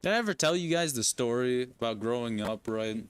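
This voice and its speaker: A man's voice: mid-range voice, animated, brisk, clear, resonant tone. Young man joking over a game stream. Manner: joking, rambling, talks to himself and the game. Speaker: gaming streamer. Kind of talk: casual livestream commentary.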